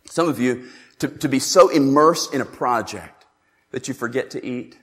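A man preaching a sermon, emphatic and animated, acting out the scripture he quotes. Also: mid-range voice, normal speed. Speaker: pastor. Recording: long reverb in a large hall.

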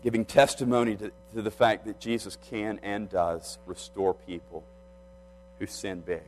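A man's voice: fairly low pitch, little pitch movement, normal speed, faint music behind, rough recording. A man preaching a sermon, retelling a scripture story and acting out the speakers' quoted lines.

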